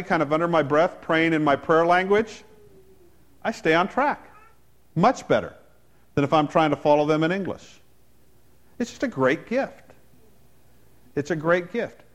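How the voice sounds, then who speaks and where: A man, a pastor, preaching a sermon in a conversational way with joking asides. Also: fairly high pitch.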